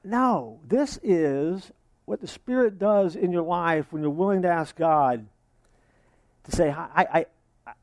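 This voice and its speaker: A man preaching a sermon as pastor, lively, acting out what his listeners might say. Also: on the high side, slow, no echo. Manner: lively preaching, acts out imagined congregants.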